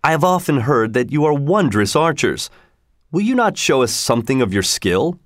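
A man voicing a proud, dignified king in disguise in a storybook reading, speaking sternly with a raised pitch. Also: very animated, moderate pace, dry recording, clean studio sound, close to an everyday voice.

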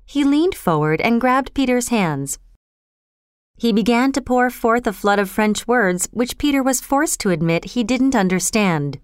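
Expressive woman reading a children's story. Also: fairly high pitch, a little slow, clear, resonant tone, dry recording, studio quality. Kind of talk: scripted children's story narration.

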